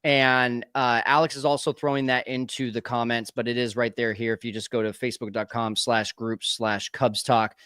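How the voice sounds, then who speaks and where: A man's voice: mid-range voice, flat delivery, moderate pace, few pauses, a bit bright, smooth, no echo, clean studio sound. A man hosting a live sports talk stream, upbeat and chatty, calling his guests brother. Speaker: podcast host.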